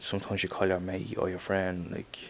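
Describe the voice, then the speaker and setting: A man's voice: low-pitched, monotone, a little fast, dull audio, slight background noise. A man with a Dublin accent chatting casually in a home vlog, rambling and repeating "you know what I mean". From Ireland. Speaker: vlogger. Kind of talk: casual accent tag video.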